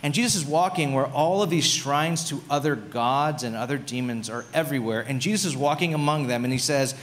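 A man's voice: medium pitch, fairly quick, hardly any pauses. A pastor preaching a sermon in a conversational way, often restarting and saying "like" as he thinks aloud.

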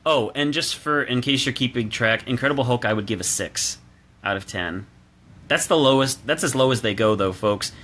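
A man's voice: mid-range voice, normal speed, a bit bright. A man giving a casual, opinionated solo film review, chatty with restarts and fillers, recorded alone at home.

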